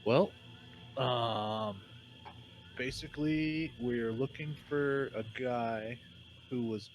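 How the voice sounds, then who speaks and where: A man playing a tabletop game, bantering casually and asking quick, eager questions. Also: mid-range voice, slight background noise, low-quality recording. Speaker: player.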